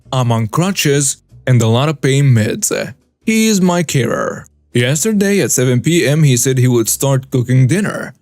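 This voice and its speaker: A man reads a submitted story aloud as scripted narration, his voice sitting a little on the high side. He moves through it in short, clipped phrases. The sound is dry and close, with faint music running softly behind him. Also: no room sound. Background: soft background music.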